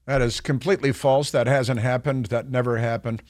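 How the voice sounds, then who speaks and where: A man's voice: medium pitch, steady tone, moderate pace, a little mellow, no echo, studio quality. Sarcastic talk radio host man. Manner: sarcastic, mocking, puts on voices to ridicule; rambling with many fillers and restarts. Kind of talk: political talk radio monologue.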